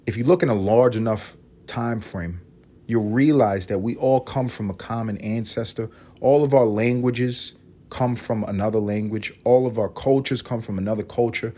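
A Puerto Rican man hosting a podcast, riffing in a loose comedic monologue, profane and animated with sudden loud bursts. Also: lowish voice, normal speed. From Puerto Rico. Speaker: podcast host.

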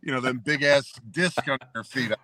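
Bright-voiced former football player telling stories. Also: male voice, mid-range voice, moderate pace, no room sound, low-quality recording. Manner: laughing, animated anecdote-teller. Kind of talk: casual storytelling.

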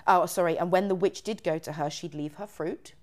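A podcast host with a lowish, slightly quick voice retells a ghost story, chatting casually and dropping in lots of fillers.

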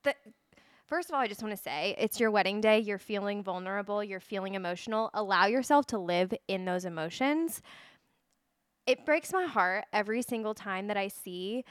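Woman co-host, smooth clear voice, dry close mic, reassuring. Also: mid-range voice, no room sound. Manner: reassuring, quick affirmations. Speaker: podcast co-host, wedding planner. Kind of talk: casual chat.

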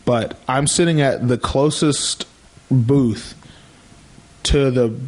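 A man's voice: medium pitch, slow pace. A young man co-hosting a podcast, telling a rambling story in casual chat and acting out what others said. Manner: rambling anecdotes with quoted voices. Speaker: podcast co-host.

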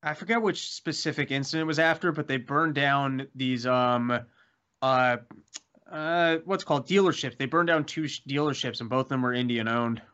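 A man's voice: medium pitch, normal speed, bright, forceful tone, highs cut off. A man appearing as a guest on a podcast, chatting casually and explaining his ideas step by step with frequent restarts.

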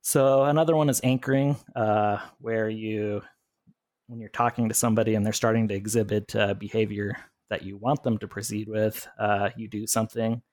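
A man's voice: fairly low pitch, no room sound. A man guest on a podcast, explaining in casual chat with many fillers.

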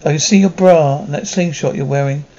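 An actor plays a wisecracking, overprotective father of teenage daughters in a sitcom, tossing off dry, exasperated jokes. His voice sits a little high for a man. The sound is dull and lo-fi, like audio taken from a television broadcast. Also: fairly quick, dark tone, lightly acted. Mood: awkward. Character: sarcastic, overprotective middle-aged dad of teenage girls. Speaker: sports writer father. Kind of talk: sitcom acting.

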